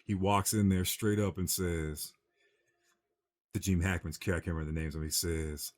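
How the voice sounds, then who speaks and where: A man on a casual gaming chat show, rambling through a film plot and acting out the quotes in a low voice. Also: fairly quick, a little mellow. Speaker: podcast co-host.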